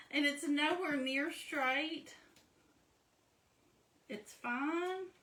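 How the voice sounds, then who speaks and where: Speaking very slowly with long pauses, this craft vlogger's high-pitched voice comes across pushed and bright. She chats casually and self-deprecatingly while explaining each step of her project. The mic is far away in an echoey room, so she sounds a bit off-mic.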